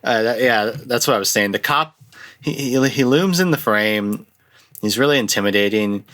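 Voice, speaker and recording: A young man hosting a casual film review, rambling and restarting often, with lively jumps into quoted lines. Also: mid-range voice, normal speed. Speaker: podcast host reviewing films. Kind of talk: casual chat.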